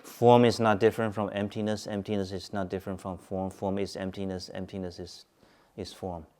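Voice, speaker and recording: A man teaching Buddhism at a Zen centre, speaking calmly, repeating points and asking his listeners questions. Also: low-pitched, a little fast. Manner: calm, repetitive, asks listeners questions. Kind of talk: Dharma talk to a group.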